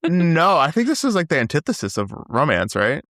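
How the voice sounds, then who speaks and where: Lively, chatty male podcast host. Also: fairly high pitch, fairly quick, no room sound, clean studio sound. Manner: animated, chatty, laughs easily. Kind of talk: casual chat.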